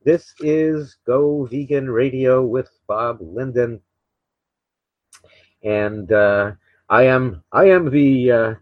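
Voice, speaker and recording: A man's voice: medium pitch, no room sound. Rambling opinionated older male radio host. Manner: rambling, repeats words and fills with uh and um; opinionated, sarcastic. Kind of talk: casual solo talk radio monologue. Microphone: desk microphone beside a laptop. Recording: dull, slightly lo-fi dry recording.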